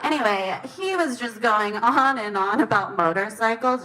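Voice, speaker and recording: A female comedian tells a dating story on stage in a chatty, self-deprecating way. Her voice sits a little high. The live recording carries clear crowd noise. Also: lively intonation, fairly quick, hardly any pauses. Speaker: stand-up comedian. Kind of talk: stand-up storytelling. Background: audience laughter.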